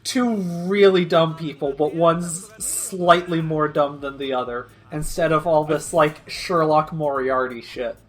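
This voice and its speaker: A young adult co-host in casual commentary chat, rambling with lots of fillers and sudden animated leaps in pitch. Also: unhurried, hardly any pauses, soft background music.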